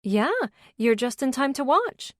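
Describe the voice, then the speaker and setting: A woman's voice: high voice, expressive, unhurried, no room sound, pitched above the performer's own voice. Woman doing tired blunt new mom, teasing, dry audiobook read.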